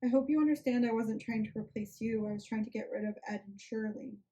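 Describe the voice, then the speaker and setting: A woman reading the lines of a distraught young woman on the phone, in a soft, tearful reading. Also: a little high, fast, close to an everyday voice, rough recording. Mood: upset.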